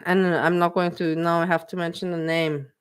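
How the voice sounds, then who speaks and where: Her voice is lowish and clean, with little pitch movement and a moderate pace. She is an emotional livestream host chatting casually, repeating herself and speaking to her chat.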